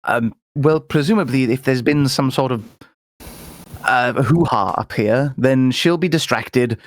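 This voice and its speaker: A man's voice: medium pitch, measured pace. A man playing in a tabletop game, casually talking through plans. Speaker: player.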